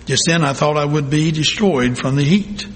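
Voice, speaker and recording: A male pastor telling a story in a sermon, reading slowly and deliberately with dramatic pauses. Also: fairly high pitch. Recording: long hall reverb.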